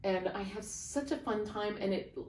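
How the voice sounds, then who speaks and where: A middle-aged woman, an opera singer, telling an animated backstage story in a casual interview and acting out the voices of the people in it. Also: medium pitch, normal speed. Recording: roomy, distant mic, faint background noise.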